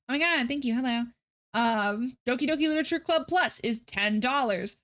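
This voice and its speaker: A young woman streaming live, talking casually to her chat in a somewhat high voice. She rants with dramatic, exasperated outbursts. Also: moderate pace, fairly bright tone, faint music behind.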